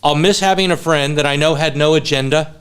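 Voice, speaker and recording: A man's voice: a little high, brisk, fairly bright tone, clear, resonant tone. A man giving a eulogy for a friend at a memorial service, telling funny stories and then speaking sincerely. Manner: storytelling, moving between humor and sincere tribute. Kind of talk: memorial speech with anecdotes. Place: funeral home service.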